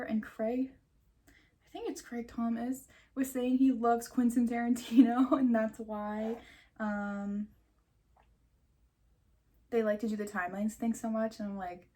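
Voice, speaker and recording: Woman vlogger, mid-pitch voice, casual halting commentary with lots of ums. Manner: chatty, hesitant with frequent ums and light laughs. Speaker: video creator.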